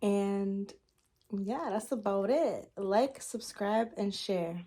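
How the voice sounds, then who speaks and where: A woman's voice: mid-range voice, takes it slowly, warm tone. A woman chatting casually to her viewers while eating on camera, drawing words out between bites, with her ear clogged and her hearing a little off. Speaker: mukbang vlogger. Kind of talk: casual mukbang chat to camera.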